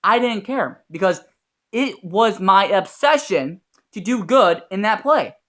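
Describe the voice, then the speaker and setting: A man's voice: high-pitched, lively intonation, unhurried, sharp tone. A young man giving a blunt, profane, earnest motivational talk as a YouTuber. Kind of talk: motivational vlog monologue.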